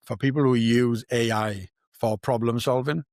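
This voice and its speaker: A man's voice: mid-range voice, steady tone, normal speed, darkish tone, dry recording, clean studio sound. A man hosting a podcast, talking in an earnest, reflective way and thinking aloud in casual conversation. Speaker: podcast host.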